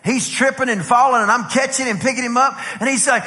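High, bright-voiced pastor preaching. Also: male voice, quick pace. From Texas. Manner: lively, repeats "I said" while acting out dialogue. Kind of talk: animated conference sermon storytelling. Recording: long hall reverb.

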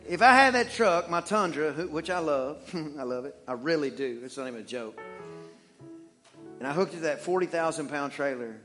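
A man preaching a sermon in church as the pastor, animated and joking, swinging between loud and hushed. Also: fairly high pitch, brisk, soft background music.

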